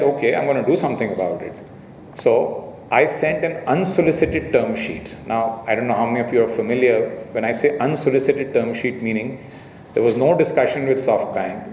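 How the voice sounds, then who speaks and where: A man's voice: mid-range voice, darkish tone, a little hiss or hum. A middle-aged man giving a convocation speech to graduates, telling a business story with acted-out dialogue and frequent "you know"s. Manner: anecdotal, acts out quoted dialogue, repeats words and says "you know". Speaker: convocation guest speaker. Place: large hotel ballroom. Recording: echoey hall, heard from afar.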